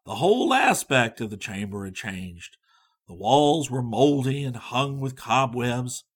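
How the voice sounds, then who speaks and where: A man narrating a storybook in an expressive, varied reading. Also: medium pitch, measured pace, slightly rough.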